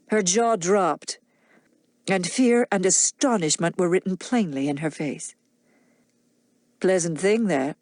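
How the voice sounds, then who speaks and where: A woman narrating an audiobook in a measured, dramatic reading style. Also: fairly low pitch, a little mellow, no room sound, clean studio sound. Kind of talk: scripted narration.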